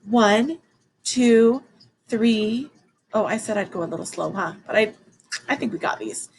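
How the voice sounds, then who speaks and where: A woman teaching a children's math lesson, excited and encouraging as she counts along with her class. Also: medium pitch, measured pace, gravelly, slight background noise, low-quality recording.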